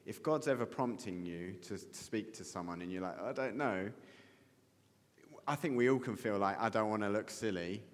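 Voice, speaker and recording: A man's voice: fairly low pitch, normal speed. A man interviewing a guest on stage and leading a church gathering, affirming and reflective, recorded in a large reverberant hall.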